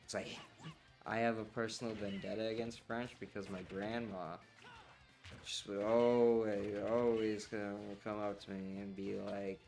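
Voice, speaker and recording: A young man streaming, chatting casually and profanely over a game tournament, rambling in an animated way. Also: fairly low pitch, a little slow, soft background music.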